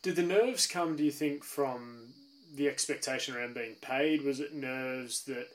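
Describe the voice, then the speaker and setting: A man hosting a podcast, reading a formal introduction and asking interview questions in a measured way. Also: mid-range voice. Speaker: podcast host.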